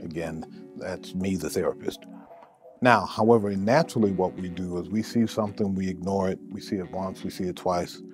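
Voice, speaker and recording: A male therapist giving relationship advice in a measured way, often repeating words as he thinks. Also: sits low, a little mellow, faint music behind. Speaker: therapist answering a listener question. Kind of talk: advice talk to camera.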